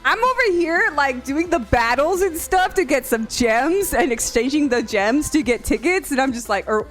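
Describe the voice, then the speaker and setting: Streaming from a room at home, a young woman chats casually, giggly and excitable, often breaking into laughter and playful whining. Her voice sits high at a moderate pace, with soft music in the background.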